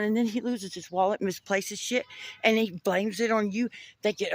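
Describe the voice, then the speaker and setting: A woman's voice: mid-range voice, moderate pace, breathy edge. A woman vlogger, telling a rambling personal story in a chatty way, calling the listener honey and swearing freely. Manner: animated, swings from loud to hushed. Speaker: psychic vlogger. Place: inside a U-Haul truck.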